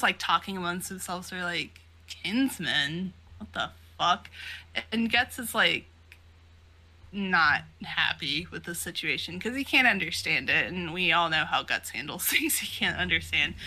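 A woman co-hosting a podcast in casual chat, animated, laughing often and swearing freely. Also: on the low side, moderate pace. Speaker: podcast co-host. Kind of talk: casual chat recapping a comic.

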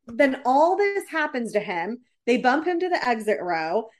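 Woman, casual chat, animated storyteller, slightly high pitch. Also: a little slow. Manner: animated storytelling with many "like" fillers.

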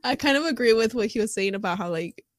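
A woman's voice: a little high, animated, fast talker, no room sound, studio quality. A woman streaming live, reading an article aloud and chatting about it with frequent laughs and fillers. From United States. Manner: chatty and giggly, laughs often, many fillers.

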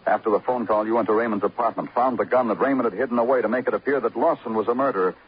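An actor playing a shrewd detective who lays out a case in a calm, clipped, methodical way in an old radio drama. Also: male voice, lowish voice, rapid-fire, breathy edge. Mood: firm. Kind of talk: 1940s radio acting. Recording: muffled old radio broadcast.

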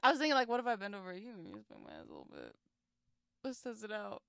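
Bright-voiced woman joking on a podcast. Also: medium pitch, wildly swooping pitch, rapid-fire, vocal fry, smooth, no room sound, clean studio sound. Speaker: podcast co-host. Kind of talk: casual chat. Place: indoor room shared in person.

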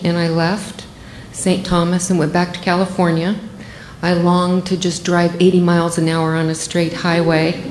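An older woman, a physician, telling a first-person story in a measured, matter-of-fact way. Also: lowish voice, a little mellow, echoey room, a little hiss or hum, low-quality recording.

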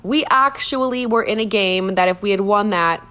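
On the podcast she hosts, a woman from Minnesota talks casually, rambling and putting herself down in a joking way. She speaks at a moderate pace in a mid-range, somewhat bright voice.

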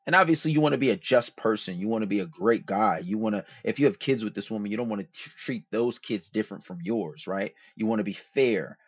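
Talking fast with few pauses, this podcast host has a husky voice on the low side. He rambles loosely through dating advice in a slangy, profane, casual monologue, recorded dull, lo-fi and dry without any room sound.

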